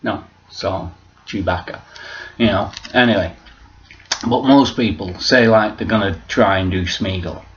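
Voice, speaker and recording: A man's voice: lowish voice, unhurried. A man talking to camera in a casual, rambling vlog monologue, off the cuff and sweary. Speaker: vlogger. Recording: muffled lo-fi recording.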